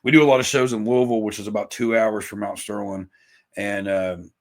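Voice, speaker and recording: A man's voice: on the low side, little pitch movement, fairly quick. A man, chatting on a podcast in a rambling, profane and self-mocking way. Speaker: podcast guest, musician. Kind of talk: casual podcast chat.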